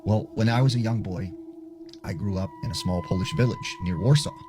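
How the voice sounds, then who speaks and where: A man's voice: on the low side, huge pitch swings, brisk, over music. A man voicing an old grandfather who earnestly recalls his boyhood, in a spoken ghost story.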